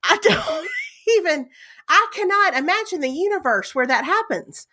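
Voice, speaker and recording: Animated woman with a strong Southeast Texas accent. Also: very high-pitched, normal speed. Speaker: podcast co-host. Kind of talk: casual chat.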